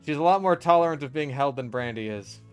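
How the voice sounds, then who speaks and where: Swearing gamer man, casual and loud. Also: on the high side, animated, quick pace, smooth, soft background music. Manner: swears a lot, bursts into loud exasperated yelling. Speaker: gaming video creator. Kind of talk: casual gameplay commentary.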